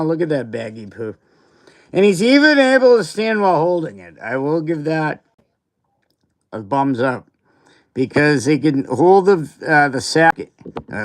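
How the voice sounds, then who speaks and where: A man hosting a casual livestream, rambling and grumbling with mild cursing. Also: fairly high pitch. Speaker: livestream host.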